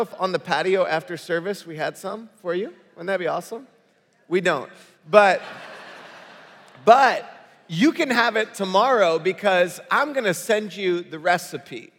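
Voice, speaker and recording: A man preaching a sermon to his congregation, telling stories in an animated, conversational way. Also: on the high side. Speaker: pastor. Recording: long hall reverb.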